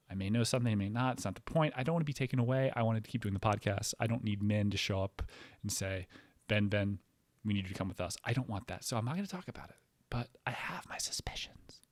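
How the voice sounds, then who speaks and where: A man hosting a podcast who talks in a loose, rambling way, full of "like" and asides. His voice sits at a middle pitch and sounds dry and close, with no room around it. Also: no echo. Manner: rambling and provocative, heavy use of "like". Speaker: podcast host. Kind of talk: casual comedic podcast monologue.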